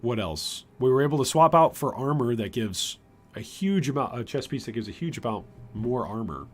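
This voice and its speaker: A man streaming gameplay, chatty and animated, commenting on his build and answering chat. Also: medium pitch, normal speed. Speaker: streamer, game host.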